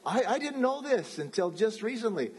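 A man's voice: sits high, very animated, normal speed, darkish tone, long reverb tail. A man preaching a sermon as pastor, in a conversational way with restarts and asides.

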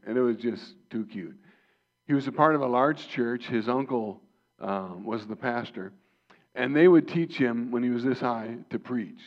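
A man preaching a sermon as pastor, earnest and personal, rising to impassioned emphasis. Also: mid-range voice. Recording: dull lo-fi sound.

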